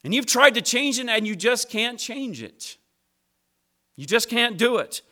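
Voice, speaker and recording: Male preacher, high and sharp-toned, emphatic sermon delivery. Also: sing-song, measured pace. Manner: preaching with emphatic rises and drops.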